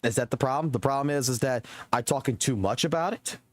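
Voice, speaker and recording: A man's voice: mid-range voice, fast, no room sound. A man streaming games and ranting to his chat, swearing often and repeating himself for emphasis. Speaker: game streamer.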